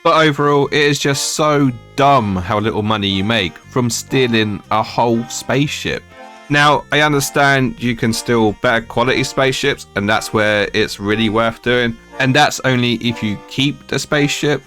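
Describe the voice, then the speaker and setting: A man's voice: mid-range voice, normal speed, fairly bright tone, faint music behind. A man from the United Kingdom giving a ranting game review as a gaming video creator, with exasperated, mocking complaints.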